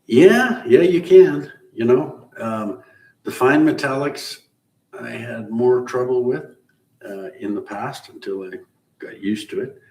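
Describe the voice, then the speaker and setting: Slow and mid-range, with a darkish tone, a middle-aged man chats casually with viewers during his live car-building stream. He rambles through shop-talk explanations, chuckling here and there, and a roomy, distant mic leaves a faint hiss.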